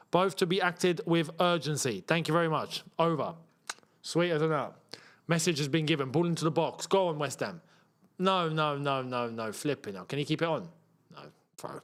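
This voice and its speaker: A young man hosting a live football watchalong, chatting to his viewers and reacting loudly to missed chances. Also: a little high. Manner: excitable, shouts at missed chances, banters with chat. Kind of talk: live match watchalong commentary.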